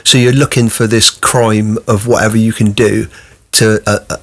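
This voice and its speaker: Halting man telling his story. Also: on the low side, little pitch movement, fairly bright tone. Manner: halting, many restarts. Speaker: guest sharing life story. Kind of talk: personal testimony.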